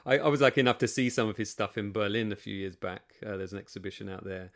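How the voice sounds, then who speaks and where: Man, podcast host, casual interview, low voice, gravelly, appreciative. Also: steady tone, fast talker.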